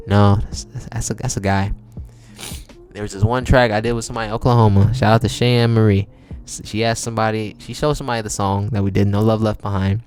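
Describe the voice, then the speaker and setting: A man's voice: fairly low pitch, fairly even intonation, fast talker, gravelly, soft background music. A man hosting his own podcast, talking in a laid-back, chatty way with slang and frequent laughs. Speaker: podcast host and singer. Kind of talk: casual solo podcast monologue.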